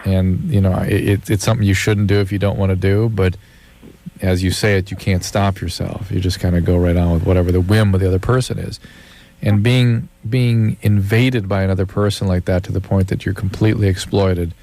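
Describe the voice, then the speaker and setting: A man co-hosting a late-night call-in radio show, giving calm, measured advice to callers. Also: sits low.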